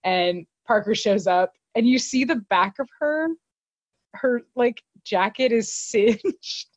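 Co-hosting a podcast, a woman recaps an episode in relaxed chat full of laughter and fillers. Her voice is a little high and her pace slow, on a dull, dry lo-fi recording with no echo.

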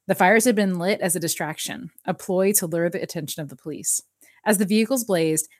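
A woman's voice: lowish voice, no room sound. Female co-host, casual and rambling, reads text aloud; dry, close recording. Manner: chatty, many fillers, reads an article aloud. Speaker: podcast co-host. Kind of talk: casual chat recapping a TV episode.

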